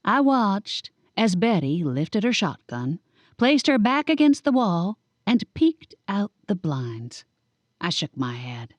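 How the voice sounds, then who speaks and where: Lively woman narrating an audiobook. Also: mid-range voice, slow pace, dry recording. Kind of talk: first-person audiobook narration.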